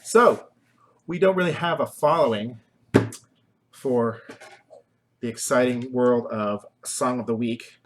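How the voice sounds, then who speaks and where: There's background noise as a man with a mid-range voice hosts a relaxed kitchen live stream, speaking slowly and pausing often. His goofy, rambling chat includes self-mockery and silly improvised songs.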